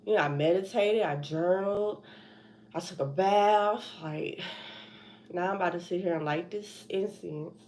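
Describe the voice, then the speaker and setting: A woman's voice: lowish voice, measured pace, a little mellow, a little hiss or hum. A young woman hosting a casual livestream from home, anxious and rambling, sighing and laughing nervously as she talks. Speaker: trucking vlogger.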